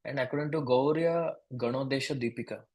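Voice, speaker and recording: A man's voice: medium pitch, darkish tone, slightly rough, poor audio. A man with an Indian English accent preaching. He tells a devotional story at an easy pace and speaks the characters' lines in small voices. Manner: unhurried storytelling, plays the dialogue in small voices, repeats words.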